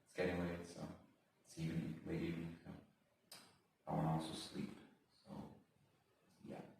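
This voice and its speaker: A tired man talking to himself as he studies, muttering and slowly sounding out new words. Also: low-pitched, completely flat delivery, vocal fry, a little mellow. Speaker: language learner vlogging. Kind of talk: casual self-talk while studying. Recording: very echoey room, distant from the mic, faint noise.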